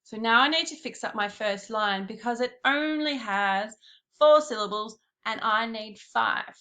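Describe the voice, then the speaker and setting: A woman giving a slow, patient classroom lesson, talking straight to her pupils. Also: a little high, sharp tone. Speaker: primary school teacher.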